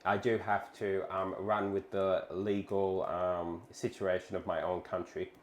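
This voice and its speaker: Very low-voiced woman reading chat. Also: flat delivery, unhurried. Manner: chatty, reads chat aloud, many ums. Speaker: cooking stream co-host. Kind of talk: casual chat with live chat. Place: small home kitchen. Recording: echoey kitchen with faint noise.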